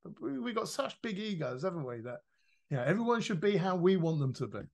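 A man, a podcast guest explaining his ideas in a lively, casual way, acting out quoted voices and swearing now and then. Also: high voice, quick pace, gravelly. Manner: animated, swears freely, acts out quoted voices.

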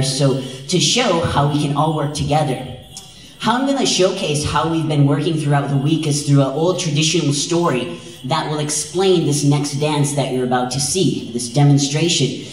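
A man from Wisconsin, a storyteller and dance presenter, tells a traditional story on stage in a large event hall. His voice sits on the high side, and he's lively, pulling the crowd in with frequent "right?" questions. The recording is echoey, with his voice coming from far off.

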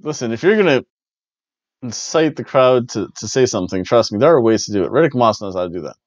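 A man's voice: medium pitch, expressive, quick pace, dry recording, dull audio. A man hosting a casual wrestling review, rambling and joking as he recaps matches. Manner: rambling, jokey, repeats catchphrases.

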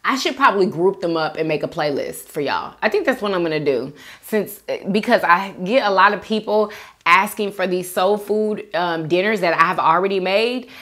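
Chatty woman with a lively voice. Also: lowish voice, moderate pace. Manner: chatty, reads comments aloud and reacts with gushing thanks. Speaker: mukbang host reading viewer comments. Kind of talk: casual chat while eating.

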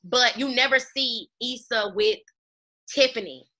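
A woman with a bright, ringing voice sitting a little high chats her way through a show recap with a friend. She is animated and slangy and jumps between points with quick asides. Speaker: YouTube channel host. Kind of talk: casual TV recap chat.

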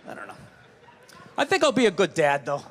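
A man's voice: a little high, wildly swooping pitch, a little fast, in a large hall, background noise. A man doing stand-up comedy on a stage, ranting profanely with rhetorical asides.

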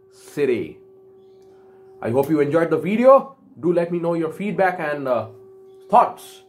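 Woman teacher retelling a story for kids, animated pitch, asks questions and recaps. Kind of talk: recorded online literature lesson for children.

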